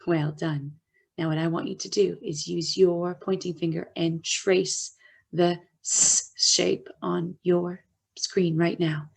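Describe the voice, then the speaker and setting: A woman teacher with a Canadian accent, giving a slow, clear phonics lesson to young children and drawing out the letter sounds. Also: lowish voice, level tone.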